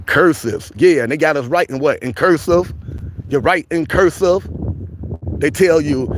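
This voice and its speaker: A man's voice: a little high, unhurried. Preachy man livestreaming by a noisy street. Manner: preachy and repetitive, calls viewers family. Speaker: livestream host. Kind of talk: casual livestream chat.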